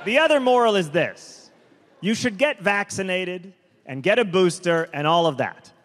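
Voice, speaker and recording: A man's voice: sits high, animated, normal speed, fairly bright tone. A man doing stand-up comedy storytelling on a theater stage, rambling with self-correcting asides and sudden emphatic outbursts. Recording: live theater, long reverb, faint noise.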